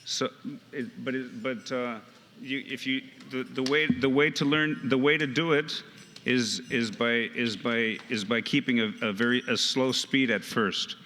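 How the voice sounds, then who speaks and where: A man teaching a hands-on music workshop, speaking slowly and haltingly, often repeating words and counting beats aloud. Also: mid-range voice, steady tone, sharp tone. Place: temple hall. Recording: temple hall reverb, faint noise.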